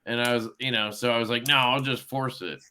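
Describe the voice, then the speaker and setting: A man's voice: mid-range voice, fairly even intonation, a little fast, bright, forceful tone, a little hiss or hum. A man hosting a casual podcast chat, rambling through stories in a loose way with plenty of swearing. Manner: loose, profane, rambling storytelling. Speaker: podcast host.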